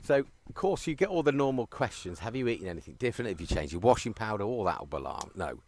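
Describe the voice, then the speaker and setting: Brief: male cricket commentator, low-pitched, animated, laughs through his tales. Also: quick pace, a little hiss or hum. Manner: animated storyteller, laughs often. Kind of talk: casual chat during live commentary.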